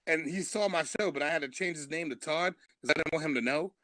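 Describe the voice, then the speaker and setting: Male stand-up, lively storyteller, slightly high voice, dry close sound. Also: quick pace, no room sound. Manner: animated, laughs through his punchlines. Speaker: stand-up comedian guest. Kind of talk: comic storytelling on a live stream.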